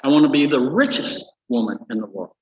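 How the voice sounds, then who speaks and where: A man's voice: mid-range voice, brisk, natural voice. Eager woman golfer, as an older man tells it, echoey hall, long reverb. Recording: muffled echoey banquet hall.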